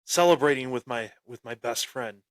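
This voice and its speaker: A man's voice: medium pitch, normal speed, dry recording. A man hosting a wrestling podcast, telling a boastful, taunting story in his wrestling persona. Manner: swaggering, taunting, dramatic. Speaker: podcast host.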